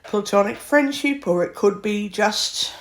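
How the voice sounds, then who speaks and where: Woman vlogger, mid pitch, blunt and fed-up ranting, swears, repeats herself. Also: expressive, measured pace. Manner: blunt, exasperated, swears freely; repetitive, circles back over points. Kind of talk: ranting monologue.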